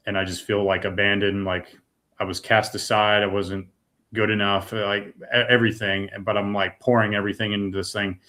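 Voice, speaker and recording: A middle-aged man with a fairly low voice tells his own story as a podcast guest. He speaks earnestly and with deep feeling, dropping casual asides like "dude" and "man". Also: level tone, brisk, bright, forceful tone. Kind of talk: personal testimony in a podcast interview.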